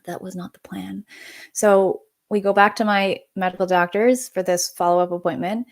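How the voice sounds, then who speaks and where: A woman in her forties, a naturopathic doctor and podcast guest, telling a personal story in a lively, conversational way and acting out the people she quotes. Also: medium pitch, normal speed.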